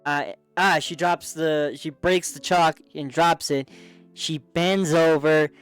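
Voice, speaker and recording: A man giving a casual, excitable recap of a manga, chatty and full of restarts and asides. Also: a little high, slow pace, clear, resonant tone, soft background music. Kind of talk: casual commentary.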